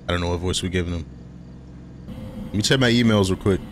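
A young man hosting a casual horror game let's play, talking in loose slang and getting jumpy and excitable when startled. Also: sits low, fast talker, pauses often, noisy background. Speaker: gaming channel host.

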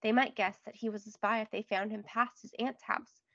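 A woman reading a children's book aloud in a clear, expressive storytelling voice. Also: medium pitch, normal speed, no room sound, lo-fi sound. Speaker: read-aloud narrator.

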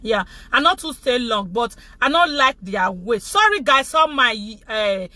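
A middle-aged Nigerian woman speaking Pidgin-tinged English, hosting a casual live chat with her viewers in an animated, repetitive way. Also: on the high side, unhurried, no echo. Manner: animated, repetitive, laughing often. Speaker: vlogger, show host.

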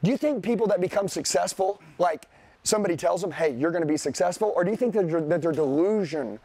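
A man's voice: sits high, lively intonation, fast talker, mellow, no echo. A man giving a motivational sales seminar to a live audience, talking bluntly and profanely. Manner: profane, blunt, fired-up, addresses the crowd directly. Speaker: sales trainer.

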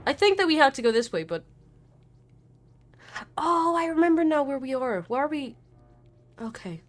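A woman's voice: high voice, sing-song, moderate pace. A woman streamer giving live gameplay commentary, nervous and chatty, swearing a lot and talking back at the characters on screen. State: nervous and scared.

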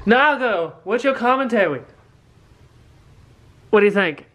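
Man off-camera, slow lively teasing remarks, noisy home audio. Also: high-pitched, lo-fi sound.

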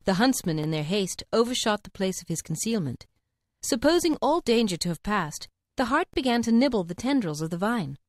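A woman narrating a storybook audiobook, her voice rising and falling with animated expression. The delivery is clear and deliberate, recorded dry and close with no room sound. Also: medium pitch, no room sound.

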